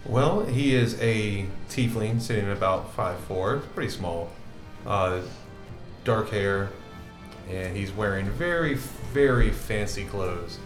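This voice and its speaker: A man's voice: lowish voice, slow pace. A man playing a tabletop game, describing his character casually with some hesitation. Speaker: player. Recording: echoey room with faint music.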